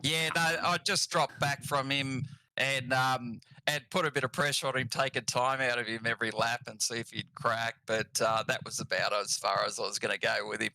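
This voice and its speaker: A racing driver with an Australian accent, talking in a laid-back, offhand way after a race. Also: male voice, mid-range voice, fairly even intonation, moderate pace, gravelly, pushed and bright, no room sound, low-quality recording. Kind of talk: relaxed post-race interview.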